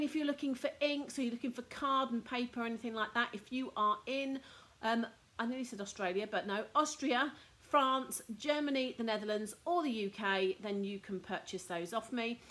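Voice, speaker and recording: A woman's voice: fairly high pitch, fairly bright tone. A middle-aged woman from the UK hosting a casual live craft demo, chatty with lots of ums. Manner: chatty, frequent ums, laughs at herself. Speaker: card making teacher and host.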